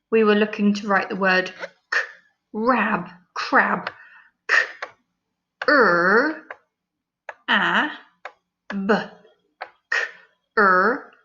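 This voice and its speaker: A woman teacher with an English accent, leading a recorded phonics lesson for young children, sounding out each letter slowly and praising often. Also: mid-range voice, fairly bright tone. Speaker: primary school teacher. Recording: slightly dull lo-fi recording.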